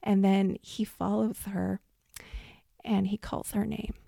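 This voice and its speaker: A woman's voice: medium pitch, little pitch movement, slow pace, vocal fry, mellow, no room sound, studio quality. A woman podcast host speaking enthusiastically and emotionally, retelling a scene and asking her guest questions. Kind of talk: casual podcast conversation.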